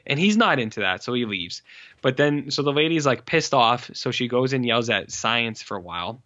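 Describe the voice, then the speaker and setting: A man's voice: mid-range voice, lively intonation, normal speed, fairly bright tone, no room sound. Rambling man retelling a movie. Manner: rambling, heavy "like" fillers, acts out characters' lines. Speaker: podcast co-host. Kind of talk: casual movie recap. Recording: dry, dull lo-fi podcast mic.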